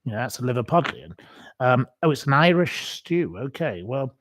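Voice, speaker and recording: A man's voice: medium pitch, big pitch swings, moderate pace, dry recording. A man hosting a livestream, answering viewer questions in blunt, opinionated casual chat with lots of ums.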